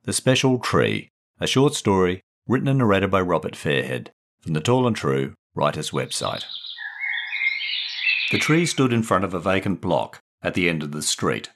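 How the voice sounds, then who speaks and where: A man reads his own short fiction aloud. His voice sits on the low side and rises and falls a lot. He tells the story with lively, expressive delivery. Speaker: writer and narrator.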